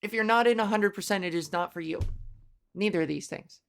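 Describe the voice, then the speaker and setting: A woman's voice: medium pitch, fairly quick, gravelly. A woman comedian hosting a solo podcast, talking in a blunt, profane, riffing way. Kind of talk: casual solo podcast monologue.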